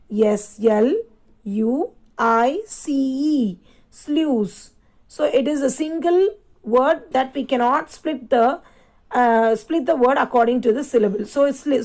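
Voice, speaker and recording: Slow-spelling woman teacher. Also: sits high, a little mellow, rough recording. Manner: slow, repeats and spells words aloud. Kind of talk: classroom lesson.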